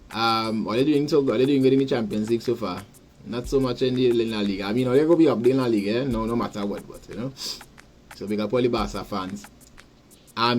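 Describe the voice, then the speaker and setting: Trinidadian male podcast host, mid-pitched, loose rambling sports chatter, faint hiss behind. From Trinidad and Tobago. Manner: rambling, repeats words, shouts out listeners. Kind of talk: casual live sports chat.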